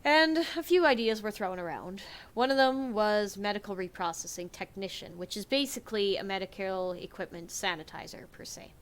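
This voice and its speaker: A woman's voice: mid-range voice, normal speed, hardly any pauses. A young adult woman telling a personal story in a casual vlog, speaking candidly and emotionally with frequent fillers and self-corrections. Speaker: vlogger.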